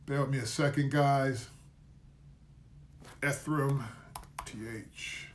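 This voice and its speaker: This live market stream host speaks slowly in a medium pitch with fairly even intonation, and a faint hiss or hum sits under his voice. Casual and prone to stumbling, he keeps fixing his mistakes while recapping trades and going back over the same levels and calls.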